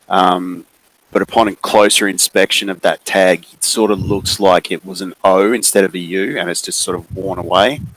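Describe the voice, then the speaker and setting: A man narrating as game master of a tabletop game, slow and hesitant with many fillers. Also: sits low, a bit bright, no echo, poor audio. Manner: slow and hesitant, many ums and sort ofs.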